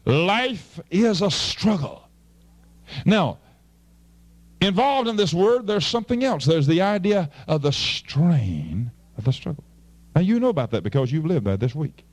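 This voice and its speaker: A man preaching a fervent sermon as pastor, swinging between loud appeals and low, quiet asides.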